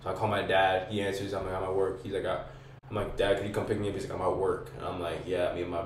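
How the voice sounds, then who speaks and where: A man's voice: low voice, level tone, fast talker. A young man telling a casual story in heavy slang and profanity, acting out his own quoted lines. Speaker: podcast guest. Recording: roomy, distant mic, faint noise.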